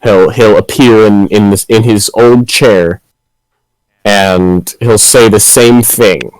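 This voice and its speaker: Slow, low-voiced man chatting casually. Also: steady tone, darkish tone, no room sound, low-quality recording. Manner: rambling, many restarts. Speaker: tabletop game player. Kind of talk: casual chat.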